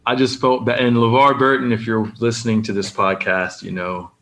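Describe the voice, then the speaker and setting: Podcast guest, male, mid-pitched, animated storyteller who mimics the people he quotes, faint background noise. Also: a little fast. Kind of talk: casual anecdote telling.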